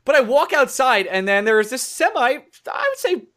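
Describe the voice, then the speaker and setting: High, lively young man telling stories. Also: moderate pace. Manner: animated storytelling with quoted voices. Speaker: podcast co-host. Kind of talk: casual chat.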